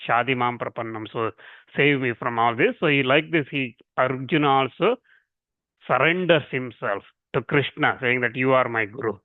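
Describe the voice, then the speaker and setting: A man's voice: medium pitch, no echo. Tinny-sounding male scripture teacher. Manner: explains step by step, with repetitions and halting restarts; recites verses slowly and measured. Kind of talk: lecture on scripture. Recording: tinny phone-like dry sound.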